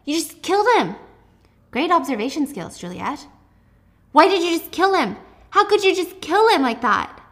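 A woman reading the lines of a horrified, defiant young woman prisoner in a shrill, accusing way. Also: big pitch swings, normal speed.

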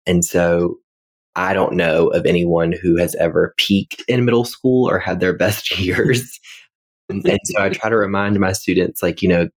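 Male co-host, very low voice, dry and self-mocking, loose chatty delivery. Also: normal speed. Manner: wry, self-deprecating storyteller with frequent fillers. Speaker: podcast co-host, middle school English teacher. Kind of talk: casual podcast chat.

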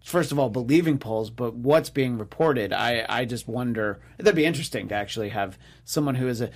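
A man's voice: medium pitch, brisk. A man co-hosting a casual political talk, wry and sarcastic, rambling with many fillers and restarts.

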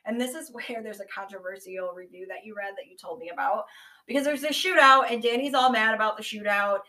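A woman co-hosting a casual book podcast, retelling a plot in an animated, profane way. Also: mid-range voice, brisk. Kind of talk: casual book recap chat.

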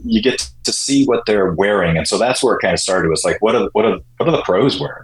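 A man talks casually as a guest in an interview, going through his story at an easy pace. His voice sits a little low. The recording has a noticeable roomy echo. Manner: animated, jumps higher when quoting people. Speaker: guest, shoe importer.

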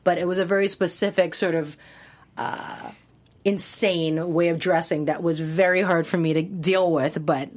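Candid woman from Hawaii, lowish voice. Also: moderate pace. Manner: candid, expressive storyteller. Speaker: actress guest. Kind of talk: casual interview conversation.

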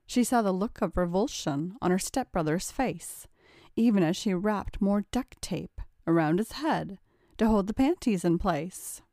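Woman narrator, storybook reading, steady and even-toned, mid-pitched voice, dry close sound. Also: a little slow, no echo.

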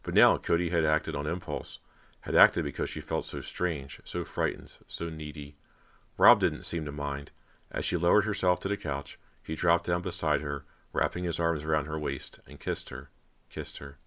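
A man narrating a horror audiobook in a steady, measured storytelling manner. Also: very deep voice.

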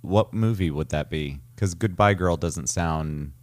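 A male podcast co-host with a somewhat low voice talks casually and teases his partner in a wry way. His voice sounds dry and close, with no room echo. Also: unhurried. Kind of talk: casual chat.

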